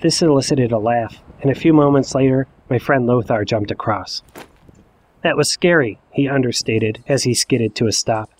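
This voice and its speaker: A man in his forties telling a personal story in the first person, with wry, self-mocking, deadpan asides. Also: medium pitch, moderate pace, hardly any pauses. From Ohio. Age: 40s. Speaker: narrator.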